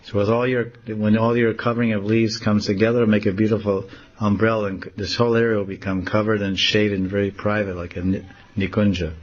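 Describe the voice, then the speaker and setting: A man, a swami, giving a devotional lecture, telling a story softly and acting out the scenes. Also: on the low side, brisk. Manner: soft-spoken, animated storyteller acting out scenes. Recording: slightly muffled lo-fi recording.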